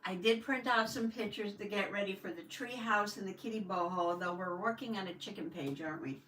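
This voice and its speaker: An older woman chats casually on a live stream, greeting viewers with a folksy "howdy" and laughing often. Her voice is bright and forward. She sits back from the mic in an echoey room. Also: mid-range voice, a little fast, recorded from a distance, slight background noise. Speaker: host of a live journaling stream.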